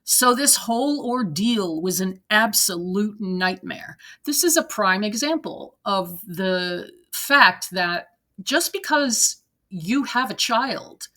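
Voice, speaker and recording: A woman's voice: medium pitch, animated, slow, sharp tone. A woman in her forties or fifties hosting a reaction video from her desk at home, reading online posts aloud and ranting bluntly with swearing and laughter. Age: 40s to 50s. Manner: blunt, profane, laughing rants.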